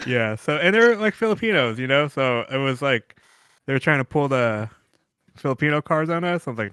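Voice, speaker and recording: A man co-hosts a podcast in loose, casual chat, wandering through stories and swearing freely. His voice is bright and crisp. The sound is dry and close. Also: mid-range voice, expressive, fairly quick, dry recording. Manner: rambling storyteller, curses freely. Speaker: podcast co-host.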